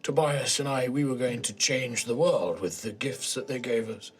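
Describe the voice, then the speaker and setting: A man voicing a bitter, defeated old male scholar villain, speaking quietly and brooding. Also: medium pitch, normal speed, breathy edge, natural voice.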